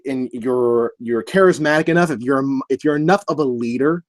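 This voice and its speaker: Halting man hosting a livestream. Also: medium pitch, dry recording. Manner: halting, restarts often, laughs a lot. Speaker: livestream host. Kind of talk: casual livestream chat.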